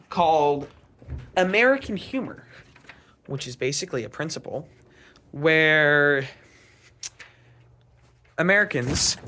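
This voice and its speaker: A man's voice: fairly high pitch, a bit bright. A young man hosting his own channel, talking casually at home in a rambling, hesitant way with many fillers and restarts. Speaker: channel host. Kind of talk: casual vlog commentary.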